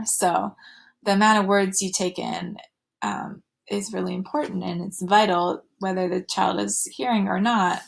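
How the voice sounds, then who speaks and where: A woman's voice: medium pitch, vocal fry. A woman teaching a recorded slide lecture, with fillers and restarts, going sing-song when she models talk to children.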